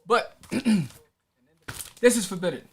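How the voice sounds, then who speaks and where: A middle-aged man hosting a live stream as an independent comic creator, talking casually in a rambling, excitable way with many fillers. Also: high-pitched, very slow, husky.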